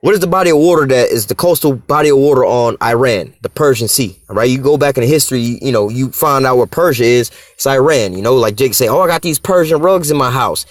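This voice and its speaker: Fast-talking brash preacher man. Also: medium pitch, dry recording, clean studio sound. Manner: brash, profane, rhetorical questions. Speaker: street preacher. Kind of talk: Bible teaching.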